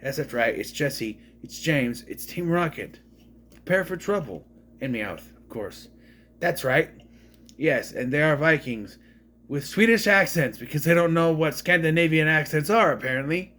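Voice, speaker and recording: Male reviewer from Minnesota, lively pitch, casual, self-correcting, dry asides. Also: normal speed. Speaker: movie reviewer. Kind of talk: casual movie recap.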